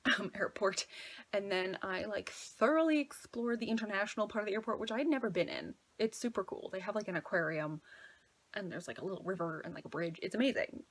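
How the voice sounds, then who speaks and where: Breathy young woman telling a travel story. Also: mid-range voice, a little fast. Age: 20s. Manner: chatty, fills talk with "like", anxious retelling. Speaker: travel vlogger. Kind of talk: casual storytelling.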